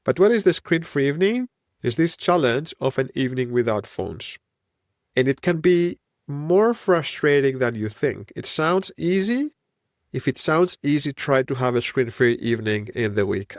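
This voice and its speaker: In a dry, studio-quality recording, a Greek-accented podcast host in his thirties, originally from Greece, speaks alone at normal speed with medium pitch and plenty of expression. His manner is reflective and musing, drifting from thought to thought.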